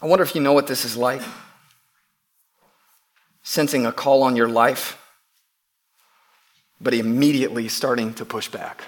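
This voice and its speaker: A man preaching a sermon to his church, emphatic, often repeating words and dropping from loud to hushed. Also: medium pitch, expressive, normal speed, long pauses. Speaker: pastor.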